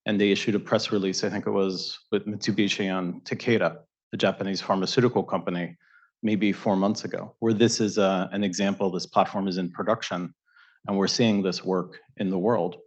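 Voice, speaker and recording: A man's voice: sits low, steady tone, a little fast, muffled recording. A man on a conference panel, explaining in a methodical way with fillers and restarts. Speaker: panelist, healthcare tech executive. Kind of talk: panel discussion.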